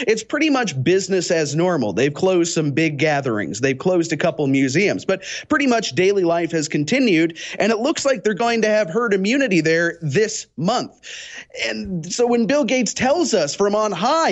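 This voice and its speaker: A man from Kansas, a talk-show guest, speaking in an animated, indignant way with many rhetorical questions. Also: high voice, highs cut off. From Kansas, USA. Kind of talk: casual talk-show chat.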